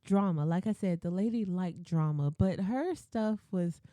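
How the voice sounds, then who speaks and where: A young adult woman hosting a podcast, telling work stories in a casual, animated way and acting out her coworkers' lines. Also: fairly low pitch, unhurried, no echo, studio quality. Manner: animated, acts out coworkers in quoted voices, laughs often. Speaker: podcast host. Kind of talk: casual storytelling monologue.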